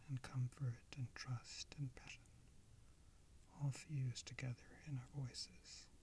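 A man whispers an intimate story in whispered role-play, speaking straight to the listener as a lover. He takes his time, slow and unhurried, and his voice stays at an ordinary middle pitch under the breath. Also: mellow.

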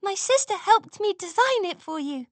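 A woman doing a squeaky, timid little filly. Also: animated, normal speed, no echo. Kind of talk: storybook character voice.

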